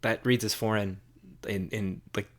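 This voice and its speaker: A man co-hosting a film podcast, discussing movies in a casual, halting way with many fillers and repeated words. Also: lowish voice, steady tone, fairly bright tone. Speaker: podcast co-host.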